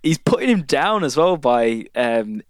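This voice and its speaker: A man co-hosting a podcast in casual chat, with a relaxed, easygoing manner. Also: mid-range voice, a little slow, no room sound, studio quality. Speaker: podcast co-host.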